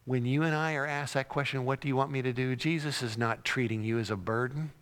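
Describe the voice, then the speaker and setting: A man's voice: mid-range voice, steady tone, a little fast, a bit bright. A man preaching a sermon, telling the story dramatically and acting out the cries and crowd lines. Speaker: pastor. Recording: long hall reverb.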